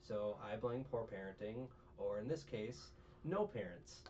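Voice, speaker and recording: A man's voice: fairly low pitch, animated, measured pace, darkish tone. A man in a casual chat, recapping a show with a rambling, joking manner and lots of fillers. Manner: rambling, jokey, full of fillers and quoted voices. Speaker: podcast co-host recapping a show. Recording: dull, distant, faint noise.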